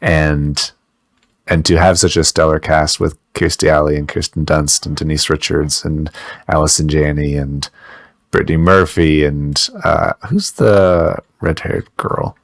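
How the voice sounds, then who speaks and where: A man's voice: a bass voice, little pitch movement, a little slow, creaky, no echo. A man co-hosting a podcast, chatting in a loose, rambling, joking way. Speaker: podcast co-host. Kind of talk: casual podcast chat.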